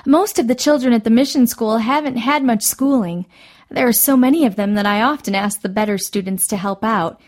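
An eager young teacher at a mission school, kind and encouraging, as a woman reader gives her voice. She talks with bright warmth toward the children in this storybook reading. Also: a little high, a little fast, close to an everyday voice.

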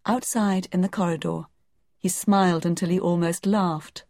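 Brief: woman audiobook narrator, low voice, measured delivery, dry studio sound. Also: fairly even intonation, a little mellow, dry recording.

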